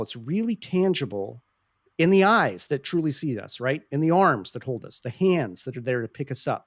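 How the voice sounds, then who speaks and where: A man's voice: mid-range voice, dry recording, clean studio sound. A man hosting a podcast, talking earnestly and passionately, often restarting his sentences as he searches for words. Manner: earnest, passionate, frequent swearing. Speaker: podcast host. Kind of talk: casual podcast discussion.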